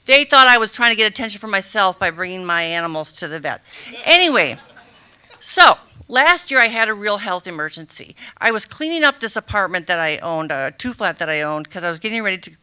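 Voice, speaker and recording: A middle-aged woman telling a comic true story live on stage, animated and self-mocking, acting out gasps and the people around her. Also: medium pitch, brisk, clean tone.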